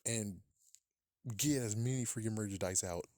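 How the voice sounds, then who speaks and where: Low-voiced guy ranting on his podcast, swears a lot, dry close sound. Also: moderate pace, darkish tone, dry recording. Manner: profane, exasperated, laughs at own jokes. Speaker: podcast host. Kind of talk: casual ranting commentary.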